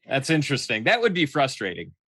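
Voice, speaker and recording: A man's voice: mid-range voice, huge pitch swings, a little fast, a bit bright, slightly rough, no room sound, studio quality. A man co-hosting a podcast, reacting casually and asking follow-up questions. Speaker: podcast co-host.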